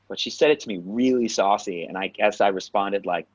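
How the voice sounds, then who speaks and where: A man with a New York accent speaks in a fairly low voice, blunt and animated as he tells stories in a casual interview. He swears freely and gets straight to the point. The recording is dull and lo-fi. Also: a little fast, few pauses. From Queens, New York. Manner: direct, animated storyteller who swears. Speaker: actor, guest. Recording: dull lo-fi sound.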